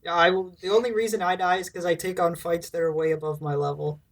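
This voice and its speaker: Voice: medium pitch, fairly even intonation, fast talker. A speaker in a casual podcast chat, asking blunt questions. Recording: distant from the mic.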